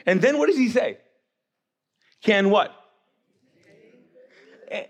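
A man preaching a sermon as pastor, animated and joking, acting out the voices of the figures in the story. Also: high voice, slow pace, pauses often.

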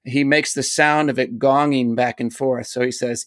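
A man's voice: mid-range voice, steady tone, unhurried, a bit bright, no echo. A man, a poet and teacher, talks as a guest in an interview and explains ideas eagerly, laughing often. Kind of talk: casual interview talk.

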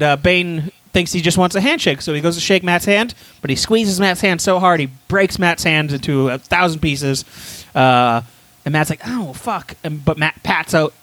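A man's voice: a little high, fairly bright tone, dry recording. A man co-hosting a casual podcast, telling an absurd made-up story full of swearing and filler words. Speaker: podcast co-host. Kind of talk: casual chat, rambling storytelling.

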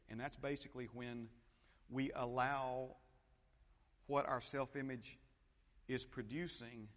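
Animated preacher with hall reverb. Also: male voice, medium pitch. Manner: animated preacher, repeats phrases and checks in with the congregation. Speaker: pastor. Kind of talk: sermon. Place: church sanctuary.

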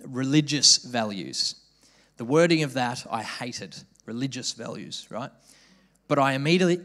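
A young man preaching a sermon, telling a story with lively mimicked voices. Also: mid-range voice.

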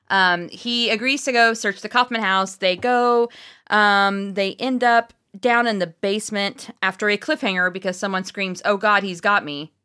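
A woman with a bright, clear voice walks through a book's plot in a plain, matter-of-fact way, with an occasional filler word. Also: medium pitch. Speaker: podcast co-host summarizing a book. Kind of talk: casual podcast chat.

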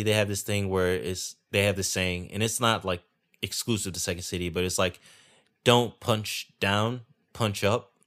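A man's voice: on the low side, a bit bright. A man hosting his own podcast alone, rambling casually with profanity, restarts and self-deprecating asides. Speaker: podcast host. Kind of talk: casual solo podcast monologue. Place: indoors at home, rainy night.

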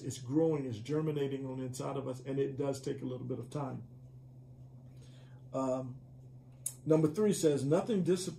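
A man's voice: medium pitch, gravelly, mellow, slight background noise. A man teaching a church Bible study in a conversational preaching manner, often repeating and restarting phrases.

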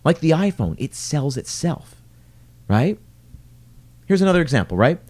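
A man's voice: on the high side, big pitch swings, moderate pace, darkish tone. A middle-aged man who runs restaurants, talking alone in an earnest podcast monologue full of rhetorical questions. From lives in New York City.

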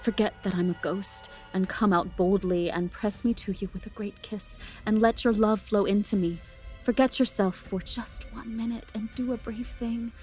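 A woman voicing a gentle male ghost who begs earnestly for love, in a slow, beseeching way. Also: mid-range voice, fairly even intonation, soft background music, close to an everyday voice. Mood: pleading.

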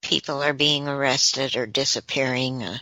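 A woman's voice: very deep voice, fairly even intonation, moderate pace, bright, forceful tone, no echo. A woman on a talk podcast, relaying messages she says she is receiving, in a casual chatty way. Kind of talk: casual channeling chat.

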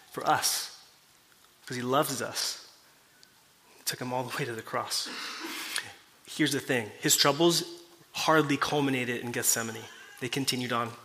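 Male pastor, mid-pitched and bright, earnest sermon delivery with questions to the room. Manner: earnest preaching, rhetorical questions to the congregation.

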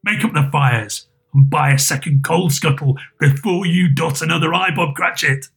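A man voicing an elderly reformed miser who speaks in a low, gruff, emphatic growl. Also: a little slow, a little mellow, heavily acted. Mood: hearty.

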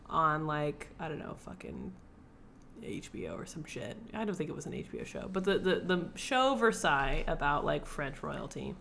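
A woman's voice: on the low side, bright, forceful tone, slight background noise. A young woman co-hosting a podcast in casual chat, rambling with lots of filler words and casual swearing. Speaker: podcast co-host.

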